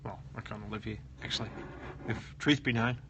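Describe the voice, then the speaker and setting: A man's voice: on the low side, steady tone, fairly quick, lo-fi sound, background noise. An Australian man hosting a casual live stream from his office, joking around and reading viewer comments aloud. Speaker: host of a live SEO question stream. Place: office at work.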